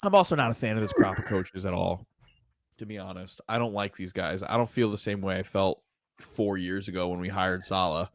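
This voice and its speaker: A man's voice: sits low, brisk, no room sound. A man co-hosting a sports podcast, ranting casually and swearing often. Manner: profane, animated ranting. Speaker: podcast co-host.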